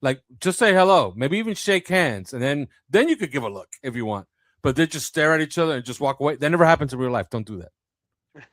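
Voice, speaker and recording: Animated man on a podcast. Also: on the high side, quick pace, no room sound, clean studio sound. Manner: animated, laughing, acts out quotes. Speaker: podcast co-host. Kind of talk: casual sports podcast chat.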